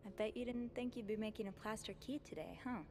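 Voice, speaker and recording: A woman's voice: fairly high pitch, fairly even intonation, fast, darkish tone, natural voice. A woman voicing a friendly, teasing young hotel worker in a video game. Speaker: game protagonist. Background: game music.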